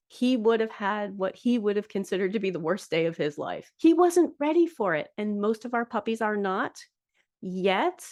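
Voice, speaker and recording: A woman in her fifties, a dog groomer hosting a podcast, talking frankly and chattily in casual solo talk. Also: fairly high pitch. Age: 50s. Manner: frank, chatty, with fillers and laughs.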